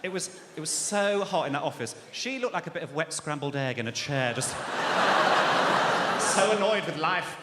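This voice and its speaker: A male stand-up comic tells a story in a lively voice that leaps up and down, fairly high for a man. His mocking delivery echoes through a hall over the noise of a live show. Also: a little slow. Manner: animated, mocking, acts out the characters. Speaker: stand-up comedian.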